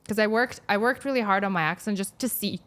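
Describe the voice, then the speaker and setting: A woman hosting a podcast, a native Russian speaker with a slight Russian accent, chatty and excited. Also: medium pitch. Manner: chatty, fast and excited from coffee. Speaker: podcast host. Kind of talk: casual chat.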